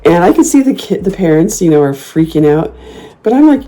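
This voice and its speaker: A woman hosting a casual chat, telling stories in a sassy, animated way, often laughing and jumping into loud, high mock comebacks. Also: fairly quick. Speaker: host.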